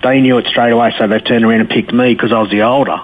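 A middle-aged man telling his life story to an interviewer, blunt and animated, acting out the people he quotes. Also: medium pitch, fast. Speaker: guest. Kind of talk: personal testimony in an interview. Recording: tinny phone-line sound.

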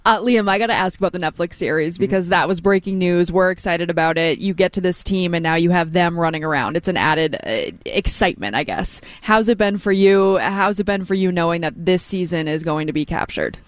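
A man's voice: high-pitched, brisk, hardly any pauses, smooth, no echo. A man co-hosting an interview, asking an eager, upbeat question. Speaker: co-host.

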